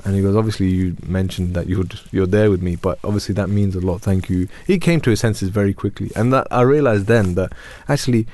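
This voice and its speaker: Earnest young imam, dark and low. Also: male voice, fast, few pauses. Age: young adult. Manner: earnest, retells scenes with quoted dialogue. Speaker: imam and youth worker. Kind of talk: panel discussion, storytelling.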